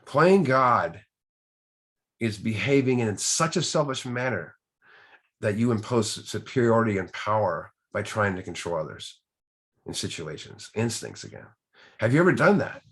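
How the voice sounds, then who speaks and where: Earnest study-group leader, man, husky and low, likes rhetorical questions. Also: big pitch swings, a little slow, a bit bright. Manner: earnest, rhetorical questions, repeats key words. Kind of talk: informal teaching on a recovery text.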